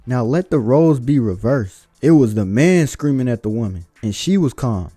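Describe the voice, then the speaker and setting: Male reaction host, lecturing and opinionated, mellow voice, soft music behind. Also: mid-range voice, expressive, moderate pace, no echo. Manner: blunt, lecturing. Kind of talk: opinionated commentary.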